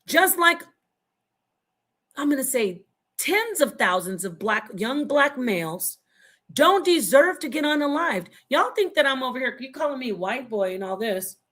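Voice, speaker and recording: A woman in her fifties from Phoenix with a slightly high voice speaks heatedly as a forum panelist. She is emphatic and combative and curses freely. Her speech rambles, with phrases repeated and restarted. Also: sing-song, measured pace, a bit bright. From Phoenix, Arizona, USA. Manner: emphatic and confrontational, swears freely. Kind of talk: heated opinion talk.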